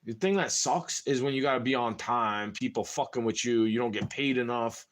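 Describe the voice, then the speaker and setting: A man's voice: mid-range voice, moderate pace, a bit bright. A young man venting in a rambling, casual monologue to camera, frustrated and full of slang. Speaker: vlogger.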